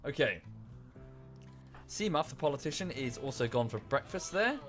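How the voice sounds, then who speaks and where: A man narrates his colony game live for his stream, drifting between remarks to viewers and orders to the little characters. His talk is loose and chatty, full of restarts, at an ordinary middle pitch. Faint music plays behind him. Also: very animated, normal speed, a bit bright. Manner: rambling, self-correcting, talks to viewers and the game characters. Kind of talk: casual game-stream commentary. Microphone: desk microphone.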